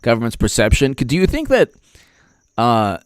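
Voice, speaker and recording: A man's voice: mid-range voice, wildly swooping pitch, moderate pace, clean tone, no room sound, studio quality. A man giving political commentary on a vlog in a rambling, sarcastic way, often restarting his sentences.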